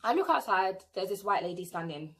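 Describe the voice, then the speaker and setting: Young British woman, vlogger, indignant storyteller with a sassy edge and a middle pitch. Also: lively intonation, a little fast, fairly bright tone. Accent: British English. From England. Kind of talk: storytime vlog.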